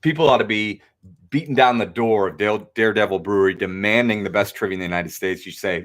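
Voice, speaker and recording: Male trivia host, lowish voice, loose and jokey, wanders off on tangents. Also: quick pace, a bit bright. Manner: joking, rambling asides. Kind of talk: casual livestream hosting.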